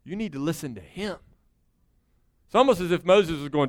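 A man's voice: a little high, lively intonation, moderate pace. A middle-aged man, preaching a sermon as pastor in an earnest, conversational way that builds to emphatic peaks.

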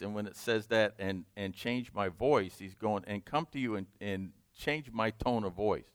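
A man leading a Bible study, reading scripture slowly and explaining it in a conversational way. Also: on the low side, clear, resonant tone, dry recording. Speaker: Bible teacher.

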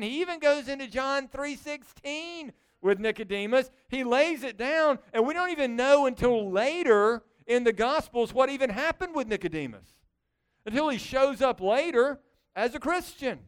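Man, preacher, sermon, conversational, animated, sarcastic asides, smooth tone. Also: extremely high pitch, normal speed. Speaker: pastor.

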